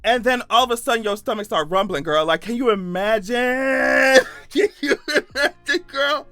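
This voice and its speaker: A man giving casual comedic commentary on a news story, animated and profane, laughing often as he talks. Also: extremely high pitch, normal speed, no room sound. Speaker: YouTube commentator.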